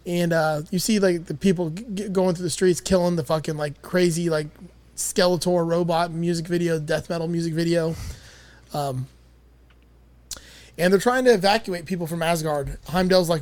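A man with a high voice recaps a film casually, swearing often and putting on quick imitations of the characters. His voice sounds dry and close. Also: fairly even intonation, a little mellow, no room sound. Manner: rambling, swears, mock-quotes the characters. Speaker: podcast host recapping a film. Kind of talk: casual chat.

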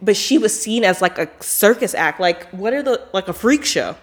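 A woman's voice: medium pitch, normal speed. A woman hosting a podcast in a casual monologue, blunt, emphatic and profane, filling her talk with "like". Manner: animated, with frequent "like" fillers. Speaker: podcast host.

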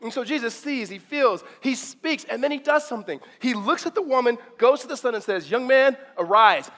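A man in his thirties, a pastor preaching a sermon in a conversational, animated way, often repeating words as he goes. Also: extremely high pitch, fairly quick. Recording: long hall reverb.

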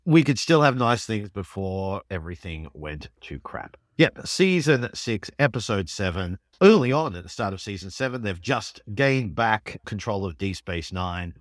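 A man with a low voice co-hosts a podcast. He recaps an episode with animated enthusiasm. The sound is dry and close. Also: moderate pace, few pauses, no echo. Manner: enthusiastic, animated storytelling with laughs. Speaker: podcast co-host. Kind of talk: casual chat recapping an episode.

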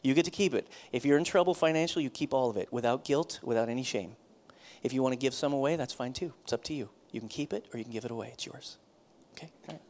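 A pastor in the middle of a sermon, talking to the people in front of him in a loose, conversational way. He is a man with a voice of middle pitch, and he gets animated as he drives a point home. He often repeats a phrase before he finishes a thought. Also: quick pace, a little hiss or hum. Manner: conversational, animated preaching with repetitions.

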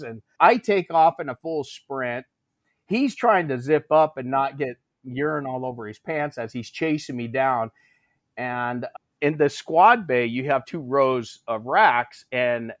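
A middle-aged man telling a story casually, animating the shouted quotes in his tale. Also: mid-range voice, no echo. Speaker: former Marine drill instructor telling a story.

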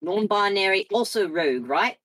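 A woman's voice: mid-range voice, lively intonation, normal speed, fairly bright tone, breathy edge, no room sound. A woman player at a tabletop game, casually recapping everyone's characters.

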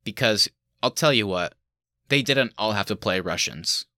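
A man's voice: fairly low pitch, expressive, moderate pace, sharp tone, no echo. A man co-hosting a movie review podcast in casual chat, with sarcastic mock speeches and frequent laughter. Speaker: podcast co-host.

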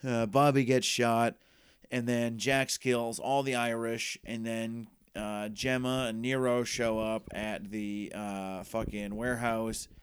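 Man with a smooth, crisp voice. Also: mid-range voice, level tone, slow pace, no room sound. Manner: loose, profane, rambling play-by-play. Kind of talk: casual chat recapping a TV season.

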